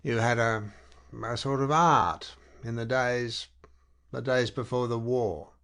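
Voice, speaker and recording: A man voicing a capricious young woman in a spoken story, her speech halting and fluttering. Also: on the low side, fairly bright tone. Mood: wistful. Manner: halting, fluttering and slightly unsteady. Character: wistful, capricious young woman, lover of an officer.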